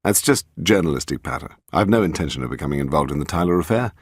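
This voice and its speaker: A man reading an audiobook voices a calm, wryly amused gentleman novelist and amateur detective. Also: very deep voice, fast, breathy edge, no echo, studio quality, heavily acted. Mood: dismissive. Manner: calm and wry. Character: suave gentleman novelist-sleuth, dryly amused.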